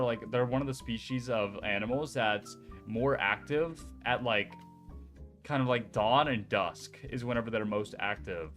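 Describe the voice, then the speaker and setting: Young dude just chatting, rambly and jokey, swears a bit, average pitch, soft music behind. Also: male voice. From United States. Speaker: VTuber streamer. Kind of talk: casual chat.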